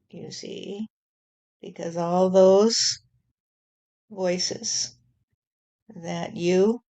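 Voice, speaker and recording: Stern God figure, channeled by a woman: low, dark voice, unhurried and measured. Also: gravelly, exaggerated voice. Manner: slow, measured, repeating "you see". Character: God, a stern male deity warning humanity. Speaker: spirit channeler. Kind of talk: channeled spirit message.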